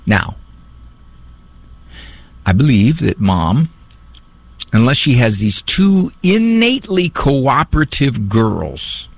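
Male call-in host, gravelly tone, dry close studio sound, wry and musing. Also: mid-range voice, sing-song, no echo. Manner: wry, musing, drawn-out phrasing. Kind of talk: conversational radio talk. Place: radio studio. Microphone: studio microphone.

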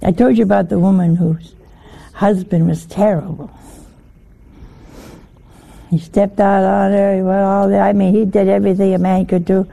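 A woman's voice: mid-range voice, flat delivery, moderate pace, vocal fry, long pauses, warm tone. A woman giving an informal scripture teaching in a folksy, humorous way, full of rhetorical questions to her listeners. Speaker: religious teacher.

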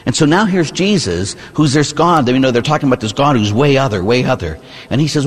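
Husky American priest preaching with lively pitch. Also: male voice, fast talker, in a large hall. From United States. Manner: earnest, conversational preaching with rhetorical "huh?". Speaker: Catholic priest. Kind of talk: sermon.

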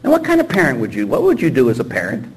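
A middle-aged man, a priest, preaching a sermon in an animated, joking way and acting out little dialogues. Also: mid-range voice, very fast, slightly rough, low-quality recording.

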